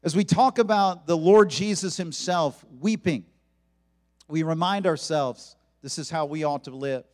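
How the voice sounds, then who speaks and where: A man preaching a sermon to his congregation, joking and animated as he talks. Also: fairly high pitch, unhurried, long reverb tail, soft background music. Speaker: pastor. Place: church sanctuary.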